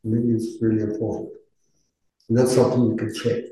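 A man's voice: lowish voice, level tone, fairly quick, warm tone, a little hiss or hum. A man giving a chatty, informal talk to a class, rambling with fillers and tag questions. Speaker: dharma teacher. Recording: roomy, distant room mic.

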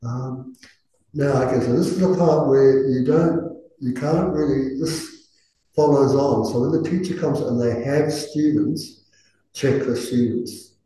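A man's voice: mid-range voice, a little slow, mellow, slight background noise. A man giving a chatty, informal talk to a class, rambling with fillers and tag questions. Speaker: dharma teacher. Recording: roomy, distant room mic.

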